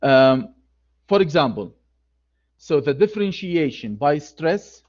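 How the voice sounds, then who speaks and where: Slow, repetitive male grammar teacher. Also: a little high, very animated, muffled recording. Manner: slow, deliberate, repeats key phrases. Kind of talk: online grammar lecture.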